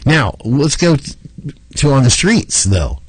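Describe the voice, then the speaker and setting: A man hosting a talk show, telling a long story in a rambling, animated way with lots of repeats. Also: medium pitch, unhurried, breathy edge, no room sound, low-quality recording. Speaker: show host.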